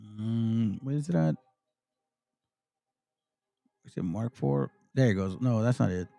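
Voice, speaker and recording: A man's voice: mid-range voice, lively intonation, normal speed, gravelly, mellow, no echo. A man teaching scripture in a casual, slang-laced style, reading verses aloud and explaining them.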